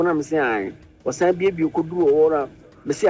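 A man's voice: fairly high pitch, wildly swooping pitch, measured pace, long pauses, darkish tone. A Ghanaian man telling a childhood story in a casual chat, quoting the dialogue. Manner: recounts a childhood memory with quoted dialogue. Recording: faint music underneath.

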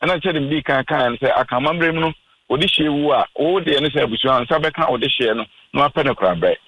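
A man's voice: mid-range voice, quick pace, a bit bright, poor audio. A man from Ghana speaking as a family spokesman in a radio interview, earnest and repetitive, pleading his family's case.

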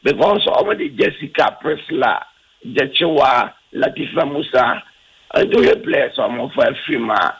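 A Ghanaian-accented football coach earnestly answers radio interview questions, switching between Twi and English with halting restarts. His medium-pitched voice is sing-song, gravelly, a bit bright, and breathy, and the audio quality is poor.

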